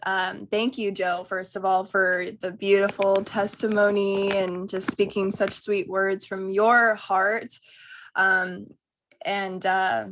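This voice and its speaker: Brief: young woman guest, mid-pitched, chatty storyteller, laughs easily. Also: level tone, slow pace, a bit bright. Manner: chatty, laughing, with many ums. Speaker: guest, energy healer. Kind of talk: casual storytelling.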